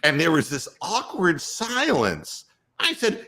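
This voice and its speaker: An older man hosting a talk show, telling a story with animated swings in pitch and frequent laughter. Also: takes it slowly. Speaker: radio host.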